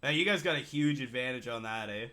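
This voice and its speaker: A man's voice: medium pitch, expressive, fast, bright, forceful tone. A young adult man co-hosting a podcast, joking and swearing through mock rants in casual chat. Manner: joking, profane, mock-ranting. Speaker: podcast co-host.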